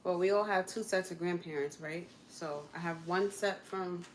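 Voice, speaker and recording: A woman's voice: fairly low pitch, moderate pace. A young woman chats easily on a livestream, answering viewer comments between tasks in her kitchen. She laughs often and keeps the talk loose and friendly. A faint hum of room noise sits behind her voice. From United States. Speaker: livestream host. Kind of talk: casual livestream chat.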